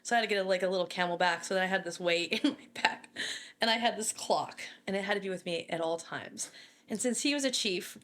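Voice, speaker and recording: A woman in her forties tells an old service story in a loose, casual way. She laughs through it, swears freely and acts out the lines of the people in it. Her voice sits at a middling pitch for a woman. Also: quick pace, fairly bright tone. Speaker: podcast guest, retired Navy bomb disposal chief.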